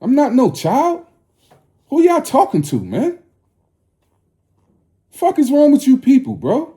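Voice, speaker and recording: Lively, slow-talking man in his forties. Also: extremely high pitch. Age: 40s. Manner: confrontational, preachy, profane; scolding, lecturing tone. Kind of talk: ranting monologue to viewers.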